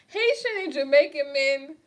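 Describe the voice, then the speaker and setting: Speaking slowly in a high, lively voice, a young woman hosts a casual livestream, going through viewer comments. She comes from New York, has the accent, laughs often and leans on slang.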